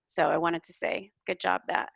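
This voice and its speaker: A woman coaching a student's English over a video call, patient and encouraging. Her voice is bright and clear, recorded dry and close with no room sound. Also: fairly low pitch, little pitch movement, moderate pace, no room sound. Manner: encouraging, explains corrections patiently. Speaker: English speaking tutor. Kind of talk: online tutoring feedback.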